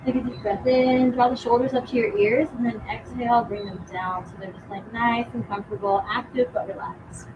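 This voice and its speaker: A young woman teaching a yoga class outdoors, giving calm, encouraging cues with casual fillers, a bit out of breath. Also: fairly high pitch, brisk, hardly any pauses, muffled recording, background noise. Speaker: yoga instructor. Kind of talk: guided yoga class instruction.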